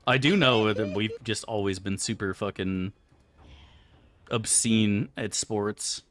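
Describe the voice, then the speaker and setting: A man's voice: fairly low pitch, slow, a bit bright, no room sound. A man streaming a game, chatting loosely with his viewers and swearing freely. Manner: loose and rambling, swears freely, answers chat aloud. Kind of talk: casual live-stream chat.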